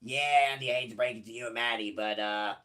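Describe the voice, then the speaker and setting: A man voicing a blunt, teasing male sidekick in a lower, muttered voice, as casual two-voice banter. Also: steady tone, fast talker, pushed and bright, close to an everyday voice.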